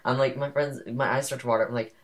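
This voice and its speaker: A young co-host chatting casually on a podcast, with a middling pitch. The delivery rambles and turns sassy, and it is full of "like" and restarts. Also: fairly even intonation, fast talker. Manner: rambling, sassy storytelling with many fillers. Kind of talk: casual chat.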